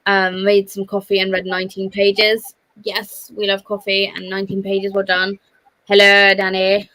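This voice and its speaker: Bright bubbly woman hosting a stream. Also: mid-range voice, moderate pace, rough recording. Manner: bubbly, animated, reads chat comments aloud. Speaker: host of a reading stream. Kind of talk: casual chat.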